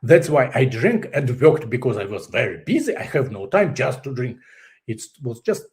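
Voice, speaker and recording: Halting Russian-accented man telling his story. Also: medium pitch, sing-song, a little mellow. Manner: halting, searches for English words, laughs often. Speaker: guest. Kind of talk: candid personal story.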